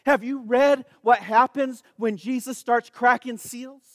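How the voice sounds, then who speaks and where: A man's voice: extremely high pitch, steady tone, measured pace, no room sound, studio quality, big-room sound. A man preaching a sermon, emphatic and calling out to the congregation.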